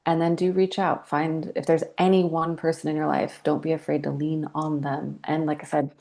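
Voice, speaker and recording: A woman in her forties, a podcast guest telling her story in a calm, reflective, measured way. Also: deep voice, creaky. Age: 40s. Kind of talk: candid interview talk.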